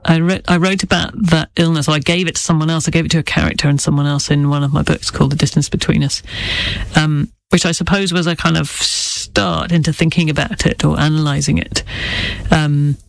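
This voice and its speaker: A woman's voice: sits low, steady tone, fairly quick, creaky, no echo. A middle-aged woman author speaking candidly and thoughtfully in an interview, with occasional stammers and restarts. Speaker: author guest. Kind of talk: reflective interview talk.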